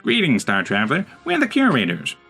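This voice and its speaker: Man doing an ancient alien mollusk scholar for a space game, formal and ceremonial, pitched up, faint music behind. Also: huge pitch swings, a little fast, bright, forceful tone, breathy edge, exaggerated voice.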